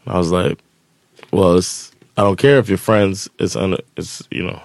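A man's voice: deep voice, moderate pace, gravelly, dry recording. A man co-hosting a podcast, telling a long personal story in casual chat and acting out what others said. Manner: animated storytelling, acts out quoted dialogue. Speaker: podcast co-host.

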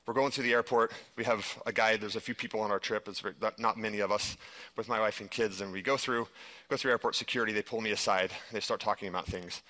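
A man giving a live stage presentation, telling a personal story in an animated way and saying "like" a lot. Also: fairly low pitch, fast. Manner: animated storytelling, heavy use of "like". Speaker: conference speaker.

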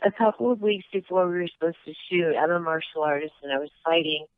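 A woman's voice: fairly low pitch, fast talker, no room sound. A woman guest chatting by phone, out of breath, telling stories and laughing easily. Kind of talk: casual phone interview. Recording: tinny phone line.

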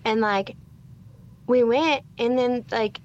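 A woman's voice: a little high, slow, highs cut off, a little hiss or hum. A woman in her thirties co-hosting a podcast, chatting animatedly and acting out her own reactions. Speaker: podcast co-host. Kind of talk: casual chat.

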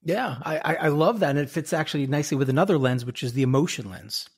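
A man who is a guest author on a podcast, explaining his ideas in a lively way with many restarts. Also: fairly high pitch, fast, breathy edge. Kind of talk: casual conversation.

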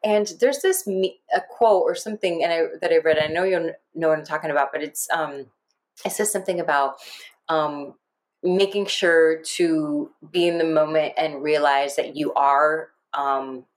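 A woman co-hosting a podcast, talking through her feelings in a rambling, emotional way with lively quoted asides. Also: low voice, moderate pace. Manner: emotional, rambling, animated quoting. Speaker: podcast co-host. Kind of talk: casual podcast chat.

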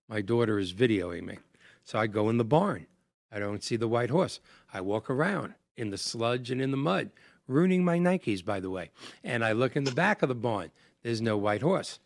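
Male host, mid-pitched, lively storyteller who pokes fun at himself; dry, close studio sound. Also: moderate pace, no echo. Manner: animated, tells jokes against himself. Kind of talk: casual storytelling.

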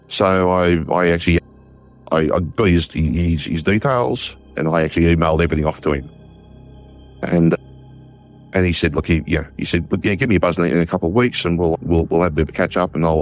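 Deep aussie guy telling a yarn, keeps restarting, quotes everyone, soft music underneath. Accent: Australian. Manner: animated, retells conversations in quoted dialogue, frequent restarts. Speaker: war historian guest. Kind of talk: casual storytelling in an interview.

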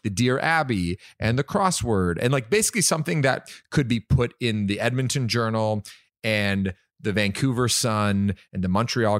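A man's voice: medium pitch, no room sound, clean studio sound. A man, chatting casually and reminiscing as a podcast co-host. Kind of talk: casual chat.

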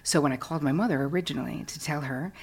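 A middle-aged woman speaks in a low, husky voice, retelling her past with frank, self-mocking candor. She is a guest in an interview. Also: rapid-fire. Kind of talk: candid storytelling.

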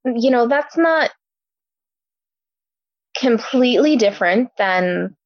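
A woman's voice: a little high, lively intonation, slow pace, no echo, highs cut off. A young adult woman from Omaha, co-hosting a casual book podcast, chatty with many ums. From Omaha, Nebraska. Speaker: podcast co-host. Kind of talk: casual book discussion chat.

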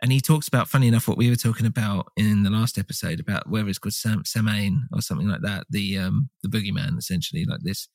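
A man co-hosting a casual film podcast, rambling and swearing with lively asides. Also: lowish voice, quick pace, vocal fry, hardly any pauses, no room sound. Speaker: podcast co-host.

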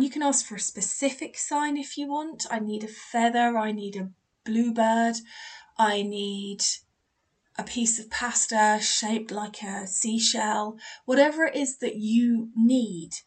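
Lady medium doing her podcast, kinda high voice, chatty and encouraging, acts out the quotes. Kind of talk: spiritual advice podcast monologue.

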